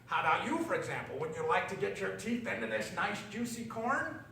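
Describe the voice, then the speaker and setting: A man's voice: high voice, lively intonation, a little fast, creaky, bright, forceful tone, a little hiss or hum, voice pushed up, exaggerated voice. A man voicing a large, greedy, worried crow in a read-aloud story, fussy and confiding. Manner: fussy, confiding, whispering asides. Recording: roomy echo, distant mic, faint ambience.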